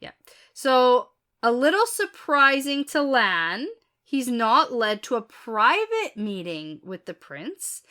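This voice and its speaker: A woman with a bright, forceful voice that sits a little high, co-hosting a laid-back book podcast. She walks through the story beat by beat, laughs easily and slips into short acted-out lines now and then. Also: big pitch swings, takes it slowly. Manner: recaps the plot, laughs easily, acts out quoted lines. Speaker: podcast co-host. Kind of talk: casual book-discussion chat.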